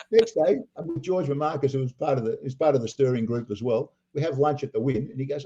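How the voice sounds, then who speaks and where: Older Australian man telling lively stories. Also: medium pitch, fast, few pauses, muffled recording. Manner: animated storyteller acting out quotes, laughing. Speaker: guest poker player. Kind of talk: storytelling anecdotes.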